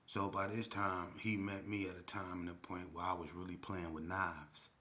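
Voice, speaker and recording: A man's voice: sits low, level tone, normal speed, sharp tone. A man telling a personal story in casual, slangy street talk, often checking in with "you know what I'm saying".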